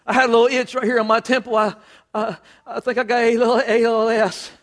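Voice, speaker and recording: A man's voice: very high-pitched, level tone, quick pace, fairly bright tone. A man preaching a folksy sermon, acting out little scenes in different voices.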